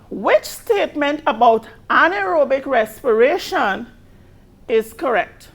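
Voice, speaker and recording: High, gravelly Caribbean woman teaching biology. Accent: Caribbean English. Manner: patient, repeats questions slowly with emphasis. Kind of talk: exam review lesson.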